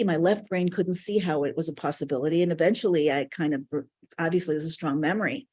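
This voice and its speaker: A woman's voice: lowish voice, dark tone. A woman teaching a live online spiritual class, speaking earnestly in loose, flowing, reflective phrases.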